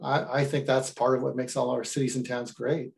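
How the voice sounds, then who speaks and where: A man's voice: medium pitch, level tone, a little fast, gravelly. A man interviewing a business owner in a casual chat, enthusiastic and encouraging, often chiming in with agreement.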